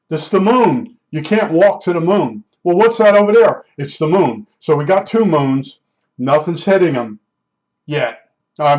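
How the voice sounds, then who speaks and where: A man's voice: fairly high pitch, darkish tone. A man telling a rambling personal story in a casual way, full of restarts and asides. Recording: dull lo-fi recording.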